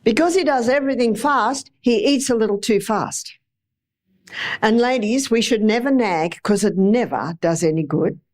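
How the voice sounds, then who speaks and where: A woman's voice: fairly high pitch, normal speed, darkish tone. A middle-aged woman giving a chatty health lecture to a live audience, with homely anecdotes and acted-out examples.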